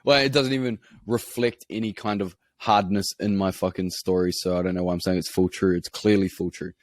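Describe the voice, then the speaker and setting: A man's voice: low-pitched, flat delivery, a little fast, no room sound. A man with a New Zealand accent telling rambling, profane, self-mocking stories as a podcast co-host. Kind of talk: casual storytelling.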